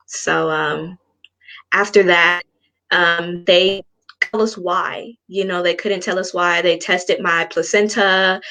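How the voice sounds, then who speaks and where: Low-voiced young woman telling her story. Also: bright, forceful tone. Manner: earnest, frank, acts out past dialogue. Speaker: spiritual coach guest. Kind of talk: personal storytelling in an interview.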